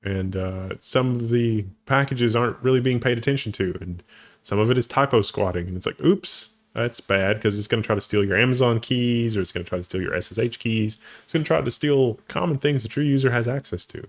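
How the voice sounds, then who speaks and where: A man co-hosting a tech news talk show. He banters casually and jokes through the headlines, laughing often and breaking into goofy put-on voices. His pitch sits in the middle. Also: a little fast. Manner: joking, laughs often, puts on silly voices.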